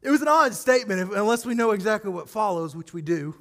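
A male pastor preaching a sermon, animated and acting out scripture scenes as he speaks directly to his congregation. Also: high-pitched, fast, long reverb tail.

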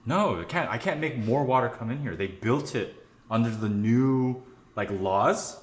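Young male podcast host, profane and animated, casual kitchen chat, roomy sound. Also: medium pitch, unhurried. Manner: profane, ranting, animated complaints. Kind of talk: casual chat while cooking. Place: home kitchen.

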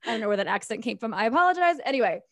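A woman co-hosting a podcast, telling a personal story in a casual, animated way with laughs and self-talk asides. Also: on the high side, very fast, no echo, clean studio sound. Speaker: podcast co-host.

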